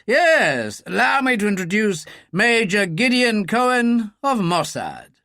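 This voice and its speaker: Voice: mid-range voice, big pitch swings, a little slow, bright, forceful tone, no echo, studio quality, voice pushed up, full character voice. An audiobook narrator voicing an older male brigadier, clipped and upper-class, dryly teasing. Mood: wry.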